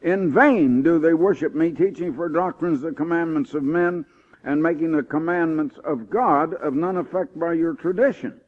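A man preaching a sermon, reading scripture slowly and rising to stress his points. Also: a little high. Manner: emphatic, rising on key points, slows for scripture. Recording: tinny phone-like old recording.

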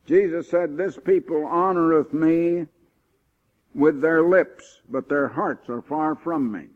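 Preacher man on a tinny old recording. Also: fairly high pitch. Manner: emphatic, rising on key points, slows for scripture. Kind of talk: sermon.

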